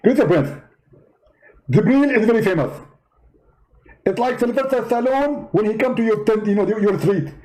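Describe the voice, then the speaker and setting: A man puts on a haughty male preacher in a comedy debate skit, pitched well above his own voice. He scolds, brags and calls his opponent names in a lively, self-satisfied way, with a mellow tone. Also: poor audio. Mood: pompous. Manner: haughty, scolding, quick to insult.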